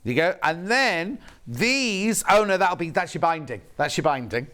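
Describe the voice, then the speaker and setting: A man's voice: sits high, very animated, measured pace, bright, forceful tone. Guy on shopping tv, chatty, showing off fabrics, bouncy voice going up and down. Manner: chatty, points out each fabric, reads viewer messages. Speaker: shopping channel presenter. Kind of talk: live TV sales demonstration. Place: TV studio.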